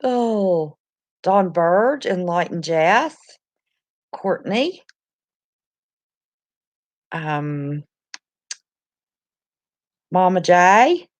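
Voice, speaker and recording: A woman's voice: on the low side, lively intonation, drawn-out words, long pauses. A woman, chatting casually on her livestream, greeting viewers by name and calling them honey. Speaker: livestream host. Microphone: no headphones, device mic.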